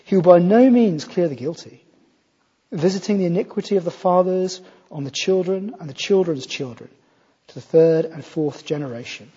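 A man's voice: high voice, normal speed, warm tone, slightly rough. A man from Scotland preaching a sermon, earnest and rising to emphatic scripture readings. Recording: muffled, long hall reverb.

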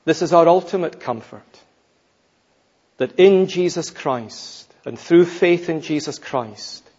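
Slow, emphatic preacher in a reverberant hall. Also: male voice, fairly high pitch, breathy edge. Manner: slow, emphatic preaching, dropping soft at phrase ends. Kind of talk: expository sermon. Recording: dull lo-fi sound with long hall reverb.

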